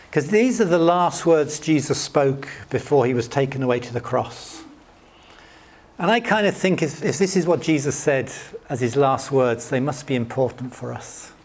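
A middle-aged man preaching a sermon in an earnest way, lifting his voice when he acts out quotes and dropping to a soft hush. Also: lively intonation, moderate pace. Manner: earnest, rises high acting out quotes, drops soft and hushed.

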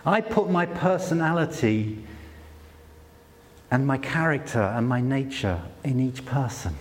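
A man's voice: medium pitch, expressive, measured pace. Guy giving a chatty talk at a conference, keeps restarting sentences, big hall echo and a little hiss. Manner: conversational, self-deprecating storytelling with many restarts. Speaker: conference speaker. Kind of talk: sermon-style talk.

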